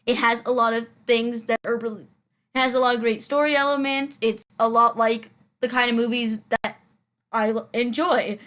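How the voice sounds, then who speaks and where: A woman's voice: on the high side, steady tone, moderate pace, a bit bright. An eighteen-year-old woman vlogging her reaction to a movie in casual chat, rambling with lots of "like"s and frequent laughs. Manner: chatty and rambling, laughs often, many "like"s.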